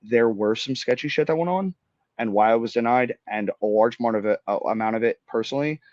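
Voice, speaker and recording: A man's voice: mid-range voice, a little mellow, no echo. Man in his thirties, from Florida, blunt storyteller, dry close sound, slightly dull audio. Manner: blunt, swearing, fast-building retelling. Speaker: podcast guest, army veteran. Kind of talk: emotional storytelling in conversation.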